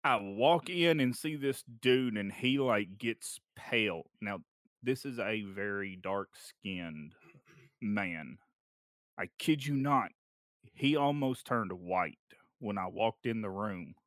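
A young man casually telling a story of a frightening night, animated and swearing, sometimes trailing off into low mumbles. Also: slow, no echo, studio quality.

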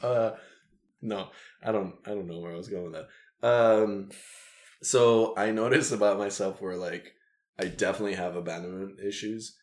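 Very deep-voiced man chatting casually. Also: fairly even intonation, normal speed, darkish tone. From Soviet Union. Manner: loose, joking, swears freely. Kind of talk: casual chat.

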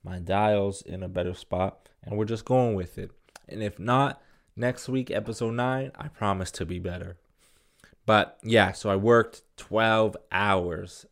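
A man talks alone into a podcast mic in a fairly low voice, in a loose, rambling monologue. He speaks slowly and swears casually, and he pokes fun at himself as he goes. His delivery stays relaxed and unhurried. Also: creaky. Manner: rambling, profane, self-deprecating. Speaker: solo podcast host. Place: room alone.

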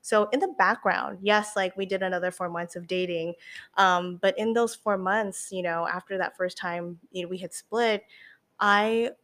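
A young woman talking candidly as a podcast guest, animated, with lots of fillers and the odd swear. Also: mid-range voice, normal speed. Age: young adult. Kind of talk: candid casual chat.

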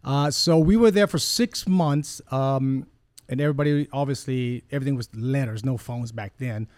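A man's voice: mid-range voice, moderate pace, darkish tone, no echo. A man in his forties, a guest telling a personal story in a conversation, earnest and rambling, often correcting himself as he goes. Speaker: podcast guest.

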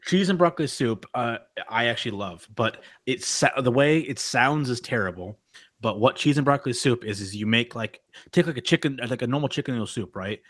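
A young man talks in a casual podcast chat. He is blunt and profane, and he reads passages aloud before tearing into them. His pitch sits in an ordinary middle range. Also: expressive, brisk, a bit bright. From Australia. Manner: blunt, swears freely, reads from articles. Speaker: podcast host.

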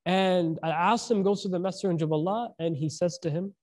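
A man preaching in a loose, conversational way, slipping into slang and acting out the people in his stories. His voice sits a little higher than most men's, and his energy rises and falls as the story unfolds. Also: a little slow. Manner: casual, animated, slangy, acts out quotes. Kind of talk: sermon storytelling.

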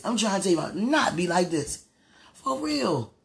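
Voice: mid-range voice, big pitch swings, normal speed, gravelly, husky. A speaker in a fervent devotional monologue, sighing and laughing often and repeating words.

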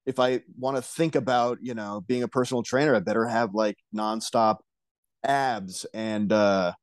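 A young man, a podcast guest, talking in a hesitant, halting way with soft laughs. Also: lowish voice, steady tone, clean tone, no echo. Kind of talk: casual chat.

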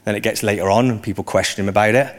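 A man preaching a sermon in a conversational way, often rising into animated emphasis. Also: fairly low pitch, rapid-fire.

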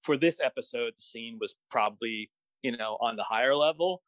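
A man's voice: mid-range voice, brisk, a bit bright, no echo, low-quality recording. A man co-hosting a casual podcast, wryly complaining about a TV episode with hesitant restarts. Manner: wry, hesitant, with many restarts. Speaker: podcast co-host. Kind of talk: casual episode recap chat.

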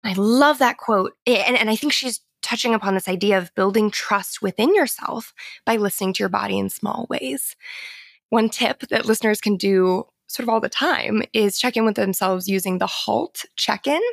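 A young adult woman, a therapist guest on a podcast, explaining things in casual conversation and often dropping her voice to a soft near-whisper. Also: mid-range voice, normal speed, vocal fry, no echo, studio quality.

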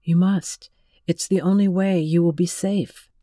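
A narrator voicing a restrained, tender young man who speaks softly and earnestly, holding back tears, in an audiobook reading. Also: high voice, steady tone, a little slow, no echo, studio quality.

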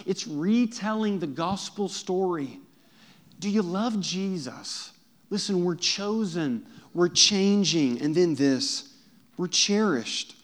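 Guy preaching a sermon at church, kinda high voice, keeps asking the crowd stuff. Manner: emphatic, asks the congregation direct questions. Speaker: pastor.

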